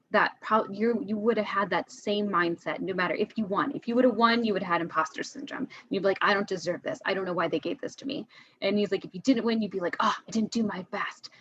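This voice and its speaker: A woman's voice: medium pitch, a bit bright, breathy edge, no echo, highs cut off. A woman teacher as a podcast guest, speaking candidly and chattily, with frequent restarts. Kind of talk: conversational podcast interview.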